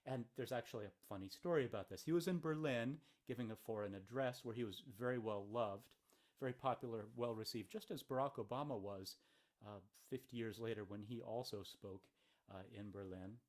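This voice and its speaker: A man's voice: medium pitch, brisk. A male college English professor giving an informal video lecture from a hotel room, in a playful, chatty way with joking asides.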